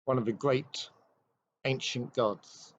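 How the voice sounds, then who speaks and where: A man hosting a show, retelling an old ghost story with measured pacing and dramatic pauses. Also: mid-range voice, steady tone, husky, dry recording. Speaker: host. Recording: dry, slightly dull recording.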